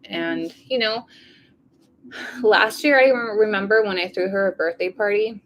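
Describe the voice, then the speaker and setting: A woman vlogger in a casual diary vlog, tired and low on energy, rambling with lots of fillers and speaking openly about her feelings. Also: normal speed, fairly bright tone, slight background noise. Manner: openly emotional, confiding.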